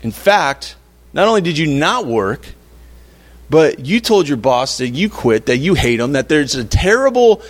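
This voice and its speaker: A man's voice: on the high side, very animated, unhurried. A man preaching a sermon in a conversational, playful way, acting out little quotes to make his point. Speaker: pastor.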